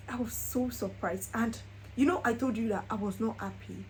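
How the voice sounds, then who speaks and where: A young woman chats through a personal story in a casual vlog. Her fairly high voice swings widely up and down as she laughs her way along. A faint hiss sits under the recording. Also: moderate pace, rough recording. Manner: animated, laughs often while telling. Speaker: vlogger.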